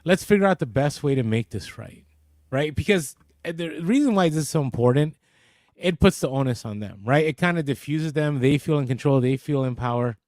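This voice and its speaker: Guy co-hosting a chatty podcast, mellow voice, dry close mic, laughs a lot. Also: a little high, brisk, dry recording. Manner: laughs often, animated when reading comments. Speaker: podcast co-host. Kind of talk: casual podcast chat. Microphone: podcast studio mic, too close at times.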